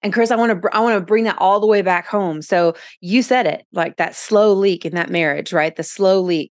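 A woman's voice: medium pitch, a little fast, dry recording, clean studio sound. A woman hosting a podcast, speaking earnestly and affirming her guest in casual conversation. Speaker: podcast host.

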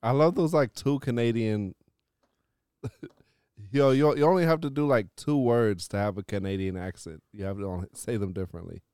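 A man with a low, smooth, clear voice talks in a casual podcast chat. He hesitates and restarts often, padding his words with fillers, and the sound is dry and close. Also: moderate pace, a little mellow, no echo. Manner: hesitant, filler-heavy, starts with "yo".

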